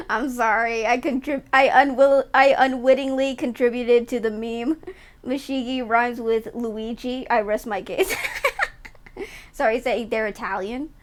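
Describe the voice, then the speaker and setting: A woman's voice: fairly high pitch, fairly even intonation, a little slow, slight background noise. A woman streamer chatting casually and teasing her viewers while reacting to a video, laughing often. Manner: playful, giggly, teasing.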